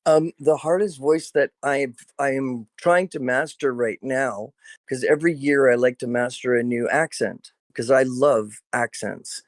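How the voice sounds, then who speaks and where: A man's voice: mid-range voice, unhurried, no echo. Emphatic man on a dry call. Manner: earnest, emphatic, repeats himself. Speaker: voice actor guest. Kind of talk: casual video call chat.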